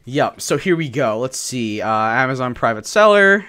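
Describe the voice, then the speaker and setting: A man co-hosting a comedy film podcast, excitable and pitching silly ideas in casual chat. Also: moderate pace, hardly any pauses. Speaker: podcast co-host.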